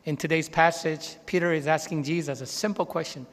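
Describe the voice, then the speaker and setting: A man's voice: fairly even intonation, brisk, long reverb tail. A man preaching a sermon in a church, telling stories and voicing the people in them. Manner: storytelling, voices quoted characters with raised pitch. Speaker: pastor. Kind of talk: sermon with anecdotes. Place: church sanctuary.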